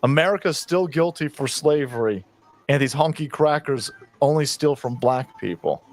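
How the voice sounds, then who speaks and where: A man's voice: a little high, moderate pace. A man in his fifties doing sarcastic reaction commentary on a stream, mocking, ranting and laughing often. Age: 50s.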